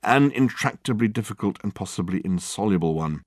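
A man reading aloud and voicing a theatrical, excitable eccentric male detective who speaks in grand, exclamatory phrases. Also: on the low side, slow, no echo, studio quality.

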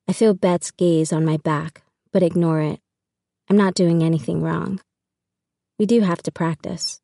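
A woman narrating a first-person audiobook in an even, intimate storytelling manner. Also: lowish voice, no room sound, studio quality.

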